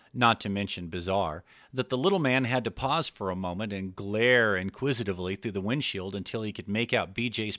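Low-voiced man narrating a story. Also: fairly bright tone, dry recording, studio quality. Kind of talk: scripted narration of an adult story.

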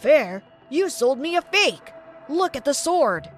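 A furious male pawn shop owner hurls loud accusations in a storybook reading, voiced by a woman narrator. The voice stays high and pushed loud. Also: sing-song, takes it slowly, faint music behind, exaggerated voice. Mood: accusing.

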